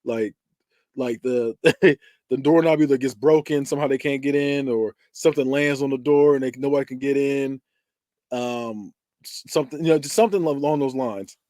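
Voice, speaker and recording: A man's voice: medium pitch, fairly even intonation, moderate pace, warm tone, no echo, studio quality. A man hosting a podcast, chatting casually and animatedly about movies, laughing, swearing and acting out scenes. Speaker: podcast host. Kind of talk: casual movie-review chat.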